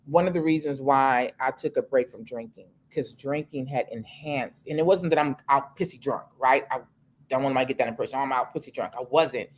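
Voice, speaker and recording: A woman's voice: extremely low pitch, darkish tone. A woman co-hosting a casual talk show, speaking frankly and emphatically, often restarting her sentences. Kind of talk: casual chat.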